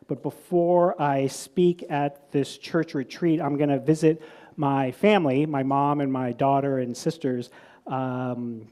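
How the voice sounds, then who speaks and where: A man's voice: medium pitch, mellow. A man giving a conversational sermon to a live audience, telling stories with many restarts and repeated words, then putting questions to the listeners. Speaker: preacher.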